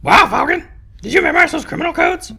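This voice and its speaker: A man squeaking out a panicky sparrow lawyer. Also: lively intonation, fast talker, vocal fry, sharp tone, soft background music, full character voice. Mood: amazed. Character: frantic young male sparrow lawyer. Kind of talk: let's play voice acting.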